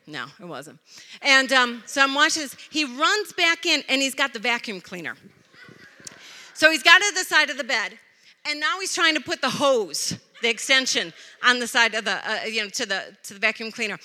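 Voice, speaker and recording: A woman preaching a sermon to a church, telling stories in a conversational, animated way with touches of humor. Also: sits high, moderate pace, pauses often. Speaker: preacher, pastor's wife. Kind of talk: sermon with storytelling. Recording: long hall reverb.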